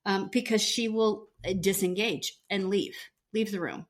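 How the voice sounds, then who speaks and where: A woman's voice: medium pitch, measured pace, few pauses. A middle-aged woman co-hosting a podcast, telling a story and acting out the dialogue. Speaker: podcast co-host. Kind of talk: casual chat, storytelling.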